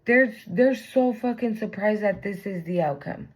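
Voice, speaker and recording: A woman's voice: medium pitch, unhurried, rough recording. A woman giving a casual tarot reading, blunt and profane, full of slang. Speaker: tarot reader.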